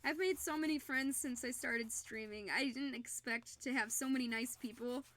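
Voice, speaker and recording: A woman's voice: sits high, steady tone, moderate pace, fairly bright tone. A young woman with a Michigan accent chatting casually on a live stream while she crafts, giggling often between sentences. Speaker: fursuit maker and streamer.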